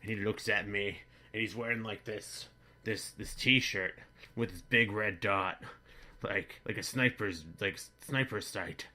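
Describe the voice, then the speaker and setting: A man's voice: lowish voice, a little slow. Man doing a boorish bigoted dad rambling. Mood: blustering. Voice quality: bright-toned, rambling, crude. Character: boorish bigoted middle-aged American dad. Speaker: comedy vlogger in character. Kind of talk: comedic character monologue.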